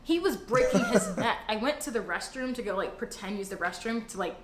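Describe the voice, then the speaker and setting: A woman in her twenties tells a dramatic story casually and chattily, swearing freely. Her medium-pitched voice has lively intonation and a fairly quick pace, recorded in an echoey room with faint noise.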